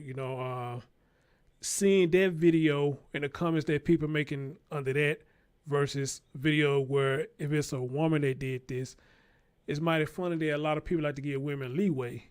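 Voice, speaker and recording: A man's voice: on the high side, steady tone, normal speed, darkish tone, clean tone. A man hosting his own show, giving a blunt, profane, unscripted commentary and repeating his points for emphasis, speaking.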